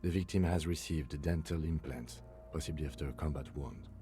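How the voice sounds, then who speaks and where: An actor voicing a calm, methodical male police lieutenant in a game, speaking in a dry, clinical, composed way. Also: a bass voice, brisk, music in the background. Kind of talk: game voice acting.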